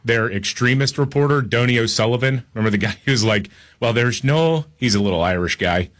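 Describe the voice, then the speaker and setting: Male radio co-host, low-pitched, sarcastic and opinionated, casual banter. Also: fairly bright tone. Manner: opinionated, sarcastic, fast asides. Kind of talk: casual political talk radio chat.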